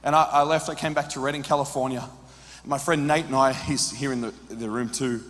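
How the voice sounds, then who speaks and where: A man preaching a sermon, telling an emotional story that swings from hushed tones to shouts. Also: medium pitch, fairly even intonation, fairly quick, big-room sound, a little hiss or hum.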